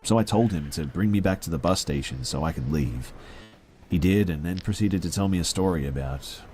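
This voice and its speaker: A man narrating a first-person story with a brisk retelling manner. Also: deep voice, mellow, soft background music.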